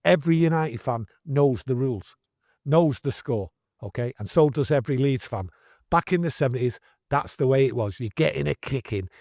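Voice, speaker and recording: A man's voice: medium pitch, moderate pace, darkish tone, no echo. Man, 60s, Manchester accent, earnest storyteller, broad northern dialect, dry studio sound. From England. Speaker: guest storyteller. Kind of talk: casual storytelling interview.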